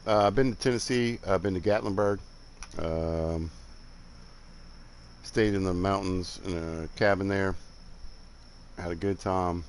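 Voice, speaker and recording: Older man, low voice, Southern accent with some Midwestern in it, rambling laid-back gamer chat, faint hiss behind. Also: fairly even intonation, unhurried, pauses often. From Alabama, southern United States. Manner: rambling, laid-back, chuckling, drifts off while building. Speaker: game streamer. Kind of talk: casual chat while playing.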